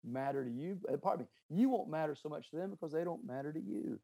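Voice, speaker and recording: Earnest middle-aged businessman, mellow voice. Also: a little high, lively intonation, quick pace, creaky, dry recording. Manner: earnest, emphatic, anecdotal with quoted dialogue. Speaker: business owner and author. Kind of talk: interview, storytelling about leadership.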